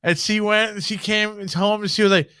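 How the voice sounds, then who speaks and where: A man talking as a guest on a casual podcast. His voice is high and bright, and the recording is dry with no room sound. He talks in an animated, profane way and laughs often. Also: moderate pace, clean tone, no room sound. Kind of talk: casual chat.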